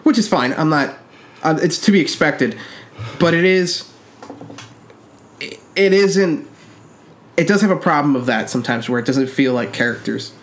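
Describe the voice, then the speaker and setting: A man with a somewhat high voice co-hosting a casual podcast. He talks in an animated, self-mocking way and laughs often. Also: moderate pace, pauses often, slight background noise. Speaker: podcast co-host. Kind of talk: casual chat.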